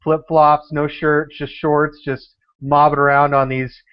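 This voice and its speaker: A man chatting eagerly and quickly in a casual talk. His voice sits a little higher than most men's. The sound is muffled and lo-fi. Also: little pitch movement, clean tone. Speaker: motovlogger guest. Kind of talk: casual chat.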